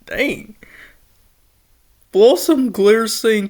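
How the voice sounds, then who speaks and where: Slow-talking woman reading a story aloud. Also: on the low side. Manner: laughing, excitable asides. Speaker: host. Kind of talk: reading and reacting to a fan story.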